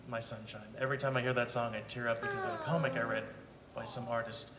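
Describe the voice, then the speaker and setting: A man's voice: medium pitch, level tone, fast talker, crowd noise. A man in the audience asking a panel questions in a rambling, earnest way. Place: convention hall. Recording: echoey hall mic.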